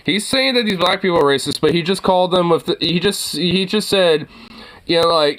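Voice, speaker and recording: A young man with a slightly high voice talks through a clip he is watching. He swears freely, sounds incredulous and often breaks into laughter. His asides are loose and offhand. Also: a little fast, fairly bright tone. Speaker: reaction streamer. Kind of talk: casual video reaction commentary.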